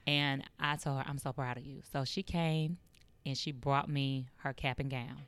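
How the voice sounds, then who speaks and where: A woman's voice: extremely low pitch, steady tone, normal speed, clear, resonant tone, no echo. A woman telling stories as an interview guest, acting out the voices of the people she quotes. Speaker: public health worker and guest. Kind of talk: storytelling in an interview.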